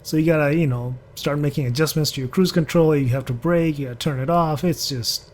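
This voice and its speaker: A man's voice: fairly high pitch, a little fast, darkish tone, slight background noise. A man giving rambling, chatty commentary over a driving game, talking to other drivers as he goes. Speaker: gaming channel host. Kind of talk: casual gameplay commentary.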